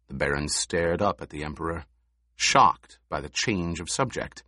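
A man reading an audiobook in a measured, expressive manner, recorded close to the mic. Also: sits low, dry recording. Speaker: audiobook narrator. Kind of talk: scripted narration.

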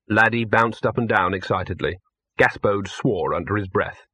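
Guy reading a novel out loud, wry and even, totally dry mic. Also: fairly low pitch, moderate pace, slightly rough, dry recording. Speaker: audiobook narrator. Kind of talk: scripted narration.

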